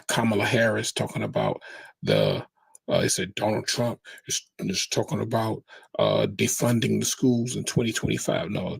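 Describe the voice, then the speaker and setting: A man's voice: lowish voice, gravelly, husky, no echo. A man hosting a casual commentary monologue, rambling, restarting words and talking straight to his viewers. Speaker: commentary show host.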